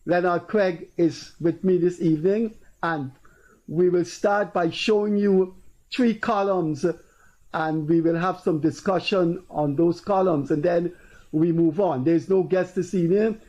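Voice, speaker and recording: Guyanese male host, high-pitched but mellow, emphatic storyteller. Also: measured pace, highs cut off. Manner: storytelling, acting out quoted people in a raised voice. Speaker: talk show host. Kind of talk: casual political commentary.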